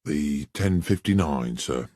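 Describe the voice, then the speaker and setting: A man's voice: very deep voice, expressive, slow pace, a little mellow, dry recording, clean studio sound, exaggerated voice. A male narrator voicing a plain-spoken country railwayman who answers in a deferential, matter-of-fact way.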